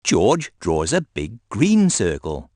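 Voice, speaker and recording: A man gently reading a children's storybook aloud in a sing-song, scripted narration. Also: fairly low pitch, huge pitch swings, takes it slowly.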